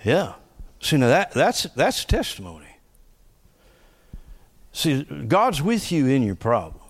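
A man preaching a conversational sermon in a folksy, joking way, laughing often and swinging from quiet asides to loud punchlines. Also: medium pitch, wildly swooping pitch, takes it slowly.

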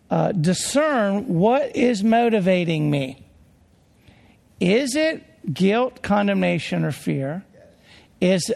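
A man preaching a sermon as a pastor, in an earnest, slow delivery full of rhetorical questions. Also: high voice, vocal fry, darkish tone. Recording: long hall reverb.

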